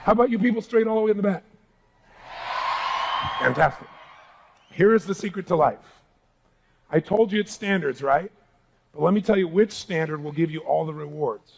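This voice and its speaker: This motivational speaker, with his high, gravelly and grainy voice, addresses a live crowd in a large seminar hall, speaking emphatically and prompting call-and-response. He talks at normal speed with long pauses, and there's noise in the background.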